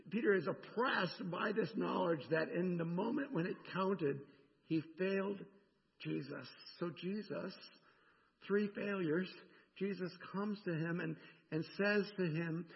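A middle-aged male pastor preaches in an animated way, dropping from loud emphasis to near-whispers. His fairly high voice has a gravelly edge. The sound is dull and rings in a long church echo. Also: a little slow. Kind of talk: sermon. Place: church sanctuary. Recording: dull, echoey church recording.

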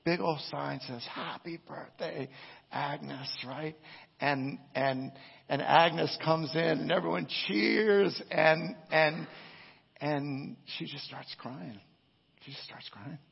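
A male pastor preaches with a gravelly, husky voice, telling a story in a rambling, conversational way. He keeps checking in with his listeners. The sound is muffled and lo-fi, with a long echo from a large church hall. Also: a little high, takes it slowly. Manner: conversational storytelling, frequent "right?" asides. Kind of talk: sermon. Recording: echoey hall, dull lo-fi sound.

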